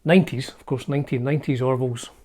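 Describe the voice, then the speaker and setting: A man's voice: mid-range voice, fairly even intonation, fast, a little mellow. A Scottish man hosting a casual show-and-tell vlog, chatty and wry, often hedging his facts as he talks. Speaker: channel host showing his guitar collection.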